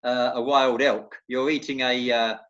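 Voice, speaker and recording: A man in his fifties hosts the talk, mixing his own stories with questions for his guests. His voice sits at an ordinary middle pitch. The audio is dull and lo-fi, like a remote call. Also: little pitch movement, a little slow, fairly bright tone. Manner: friendly interviewer who steers the talk. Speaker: podcast host. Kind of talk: casual conversational interview.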